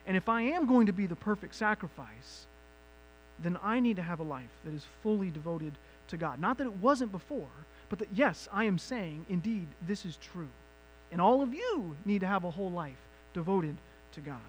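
A man preaching a sermon as pastor, moving from quiet reflection to loud, emphatic questions. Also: sits high, very animated, moderate pace, slight background noise, low-quality recording.

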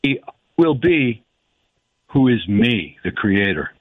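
A man calling in to a radio show, talking haltingly and reflectively and slowing down to stress quoted phrases. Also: mid-range voice, very animated, a little hiss or hum. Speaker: caller. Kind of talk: phone-in call. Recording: tinny phone line.

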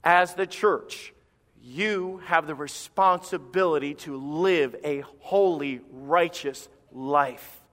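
Man preaching, high voice, long church hall reverb, emphatic and impassioned. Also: slow pace, a bit bright. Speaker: pastor. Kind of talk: sermon. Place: church sanctuary.

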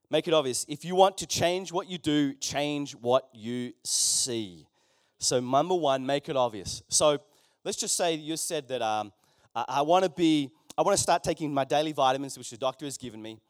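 A man's voice: on the high side, no room sound, studio quality. A man preaching a conversational sermon, with joking asides to the congregation in a church. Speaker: pastor.

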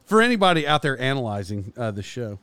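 A man's voice: medium pitch, sing-song, quick pace, a bit bright, clear, resonant tone, dry recording. A man in his forties hosting his podcast, chatting in a rambling, self-deprecating way with lots of fillers and restarts. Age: 40s. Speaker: podcast host. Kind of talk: casual rambling monologue.

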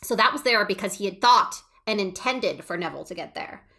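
A woman's voice: medium pitch, animated, fairly quick, sharp tone. Chatty woman analyzing a book. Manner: enthusiastic, analytical, many fillers. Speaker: podcast co-host. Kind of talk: casual book discussion.

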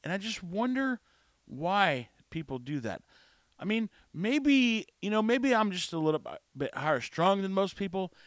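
A podcast host rants in a high-pitched, very animated voice at a moderate pace, studio quality with no room sound. Getting worked up and exasperated, he retells his frustrating day repetitively, full of quoted dialogue.

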